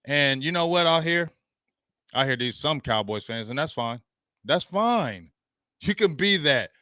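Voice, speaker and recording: A man hosting a sports talk show, ranting about his team in slangy, animated talk and reading out viewer comments. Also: medium pitch, unhurried, clear, resonant tone, dry recording, studio quality.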